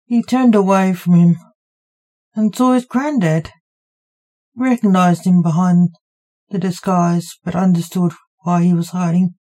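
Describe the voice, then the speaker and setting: A woman narrating a short story in a measured, even manner. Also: fairly low pitch. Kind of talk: scripted narration.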